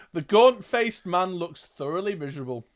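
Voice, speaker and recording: Man, game narrator, reading aloud, slightly high-pitched. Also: slight background noise. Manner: reads the book aloud, chatty asides. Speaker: game master. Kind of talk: narrating a gamebook playthrough.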